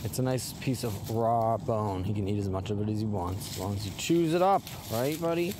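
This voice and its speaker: A dog trainer from Massachusetts chatting casually through a vlog, breaking into a high baby voice to talk to the dogs. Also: male voice, animated, normal speed, noisy background. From Massachusetts, USA.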